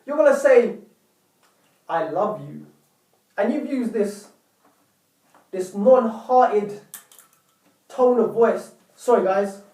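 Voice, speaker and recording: A man's voice: very high-pitched, slow pace, pauses often, warm tone, far from the mic. A man giving relationship advice to camera in an earnest, repetitive way, often calling viewers "people". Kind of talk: direct-to-camera advice talk. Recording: echoey room, voice off-mic.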